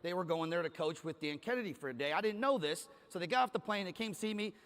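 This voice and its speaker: A man's voice: sits high, fast, a bit bright. A man from Cleveland giving a motivational keynote on a conference stage, telling a story with energy and acting out the dialogue. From Cleveland, Ohio. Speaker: conference speaker. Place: large conference hall stage. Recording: hall reverb from stage PA.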